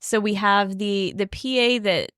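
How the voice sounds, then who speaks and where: A woman's voice: medium pitch, fairly even intonation, unhurried, fairly bright tone, clear, resonant tone, no echo, studio quality. A woman co-hosting a podcast in casual chat, agreeable, often finishing her partner's sentences. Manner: agreeable, chimes in to finish the other host's sentences. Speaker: podcast co-host.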